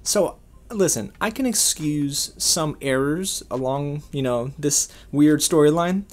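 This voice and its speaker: Animated man reviewing a film. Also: a little high, takes it slowly. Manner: animated, emphatic, addresses viewers as guys. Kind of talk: casual video review.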